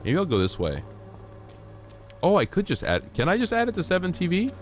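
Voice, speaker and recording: A man's voice: high-pitched, wildly swooping pitch, fairly quick, faint music behind. A man streaming a game, chatting casually and playfully with his chat, teasing and mock-outraged, laughing often. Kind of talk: casual live-stream chat while gaming.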